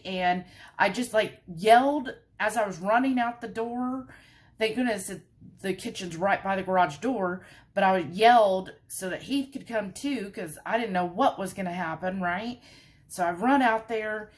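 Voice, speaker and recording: Lady vlogging, animated storytelling with lots of asides, medium pitch. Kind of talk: casual storytelling.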